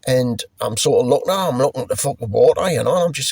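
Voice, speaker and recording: A man's voice: mid-range voice, animated, rapid-fire, creaky, a little mellow, husky, no echo. A middle-aged man rambling through a casual spoken recollection, swearing freely and restarting his sentences. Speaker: storyteller recalling a past journey.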